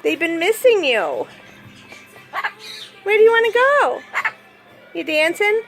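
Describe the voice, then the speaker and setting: A woman's voice: very high-pitched, big pitch swings, takes it slowly, a bit bright, faint music behind. A woman filming her pets at home, coaxing them in sing-song baby talk and asking a bird to talk. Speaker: pet owner and vlogger. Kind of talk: casual pet vlog.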